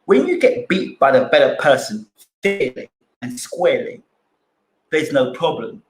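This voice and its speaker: A man's voice: medium pitch, very animated, measured pace. Argumentative man, echoey room. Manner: rhetorical questions, argumentative. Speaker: boxing channel host. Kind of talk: live-stream commentary, reading chat.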